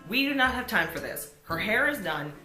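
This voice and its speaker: A woman voicing a calm, unflappable male photographer who soothes everyone. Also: medium pitch, moderate pace, natural voice. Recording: echoey room, faint music.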